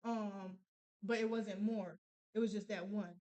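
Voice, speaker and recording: A young woman telling a painful personal story, halting with many fillers and restarts. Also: medium pitch, steady tone, warm tone, poor audio. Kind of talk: casual storytelling.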